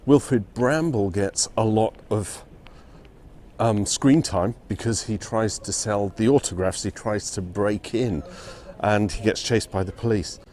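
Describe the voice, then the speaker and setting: A man's voice: on the low side, measured pace, a little mellow. A man narrating a casual walking vlog outdoors on city streets. He talks in a chatty way and chuckles often. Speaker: vlogger touring film locations.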